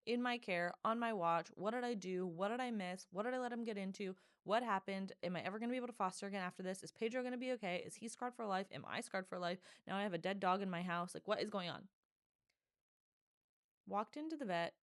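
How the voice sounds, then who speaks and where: A woman hosting her own podcast, telling a story in a casual, animated way, full of "like" and dramatic asides. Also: medium pitch, fast talker, clear, resonant tone, no echo, studio quality. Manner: animated, dramatic, filler-heavy with lots of "like". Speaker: podcast host.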